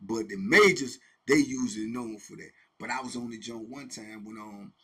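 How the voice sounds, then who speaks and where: A man hosting and telling a story in a casual, animated, slang-heavy way, repeating phrases for effect. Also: fairly low pitch, normal speed, husky. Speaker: host and storyteller.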